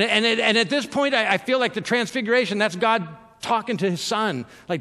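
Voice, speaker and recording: A man's voice: sits high, brisk, hardly any pauses, sharp tone, big-room sound. A man preaching a sermon in a loose, conversational way, with many fillers and repeated words as he restarts his sentences. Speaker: pastor.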